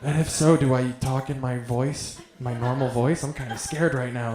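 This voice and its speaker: A man's voice: mid-range voice, measured pace, few pauses, noisy background. A young man doing a stand-up comedy set, telling profane, self-deprecating stories. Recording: echoey room sound.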